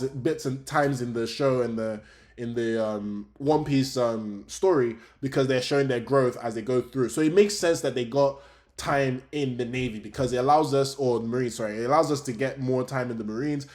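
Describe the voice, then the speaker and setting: A young adult man, chatting casually and excitably as host of a fan review talk show, often laughing. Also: mid-range voice, normal speed.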